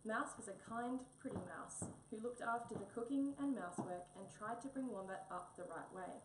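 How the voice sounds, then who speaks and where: A woman reading a children's picture book aloud in an expressive storybook manner. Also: fairly high pitch, moderate pace. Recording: echoey room, mic a bit far, faint hum.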